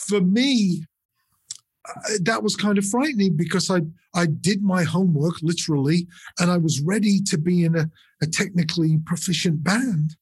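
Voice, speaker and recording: A man in his sixties from the north of England, a drummer and guest, telling animated stories, swearing freely and acting out other people's lines. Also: a little high, normal speed, husky, no echo. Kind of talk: casual interview storytelling.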